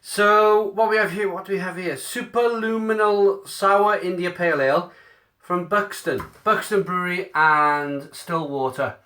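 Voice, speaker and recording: A man's voice: high-pitched, measured pace, sharp tone. A man hosting a casual live-stream unboxing, chatty and upbeat, answering viewers' comments aloud into his mobile phone. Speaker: beer reviewer streaming live. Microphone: mobile phone camera.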